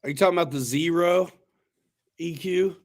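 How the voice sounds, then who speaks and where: A man's voice: on the high side, moderate pace. A man hosting a casual livestream chat, talking in a laid-back, slangy, rambling way with restarts. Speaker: host.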